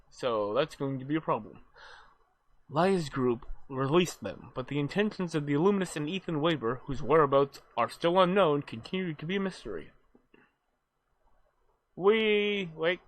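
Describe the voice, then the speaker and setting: A man's voice: fairly high pitch, lively intonation, measured pace, pauses often, dry recording, rough recording. A man streaming a game, reading story text and chatting in a casual, wry way with self-corrections. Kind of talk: game playthrough narration and chat.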